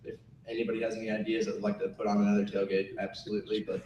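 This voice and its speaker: A man's voice: on the low side, little pitch movement, very fast, mellow, slight background noise. A young man in his twenties, laughing and self-mocking as he chats casually and tells a story at a meeting. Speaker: tailgate organizer. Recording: roomy room from far off.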